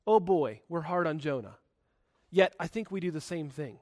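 A man preaching a sermon in an emphatic, conversational way, with big swings in loudness. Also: fairly high pitch, animated, normal speed, no echo, clean studio sound. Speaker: pastor.

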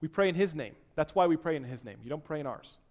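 A man preaching a sermon, dropping to hushed tones and then rising to loud, emphatic exhortation. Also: on the high side, lively intonation, quick pace. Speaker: pastor.

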